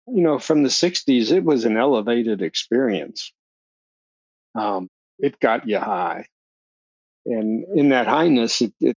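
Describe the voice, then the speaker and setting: An older man sits as a guest and tells stories with relish, jumping into the voices of others and laughing along the way. His voice sits at a middle pitch. The recording is dry and a little dull. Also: breathy edge, dry recording. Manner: animated storyteller, acts out quoted voices, laughs often. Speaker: podcast guest. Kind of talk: storytelling in a casual interview.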